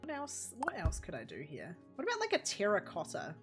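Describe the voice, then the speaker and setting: A woman's voice: fairly low pitch, wildly swooping pitch, a little fast, loud music behind the voice. A woman with a New Zealand accent streams a game from home, rambling and chatty and laughing often as she talks to her chat and her pets. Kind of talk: casual live-stream chatter while playing.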